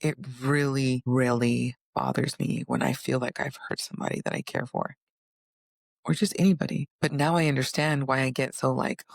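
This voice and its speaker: Earnest woman with a gravelly voice. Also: dry recording, clean studio sound. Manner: earnest, animated, acts out inner voices in higher pitch. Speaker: vlogger. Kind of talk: personal storytelling monologue.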